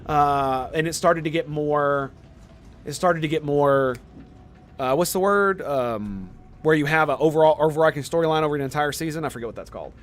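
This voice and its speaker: A young man streaming a game and chatting casually, excited and rambling, full of "dude" and "man". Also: fairly high pitch, moderate pace. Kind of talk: casual chat while streaming.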